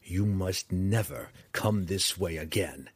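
A man voicing a grim male drow warrior who speaks slowly in a low growl. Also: husky, no room sound, exaggerated voice. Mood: stern. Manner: low growl, slow and curt.

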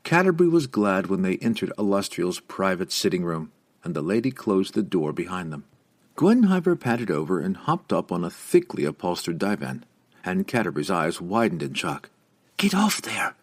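Low-voiced man narrating a fantasy novel. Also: sing-song, moderate pace, no room sound. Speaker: audiobook narrator.

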